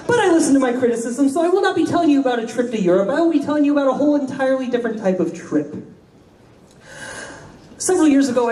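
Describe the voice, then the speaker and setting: A man from Florida telling wry, deadpan comic stories on a convention stage. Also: sits high, distant mic. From Florida, United States. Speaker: convention storyteller, comedian. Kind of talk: stand-up storytelling. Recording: roomy hall, voice from afar.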